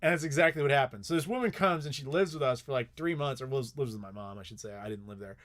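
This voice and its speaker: A man hosting a live Q&A, telling stories in a blunt, profane, animated way. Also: medium pitch, fast, a little hiss or hum. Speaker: host answering live chat questions. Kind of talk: casual live Q&A chat.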